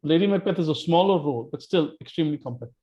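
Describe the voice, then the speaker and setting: A man leading a casual book-club discussion, emphatic and animated, often restarting his sentences. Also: on the high side, fast talker. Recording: muffled online call audio.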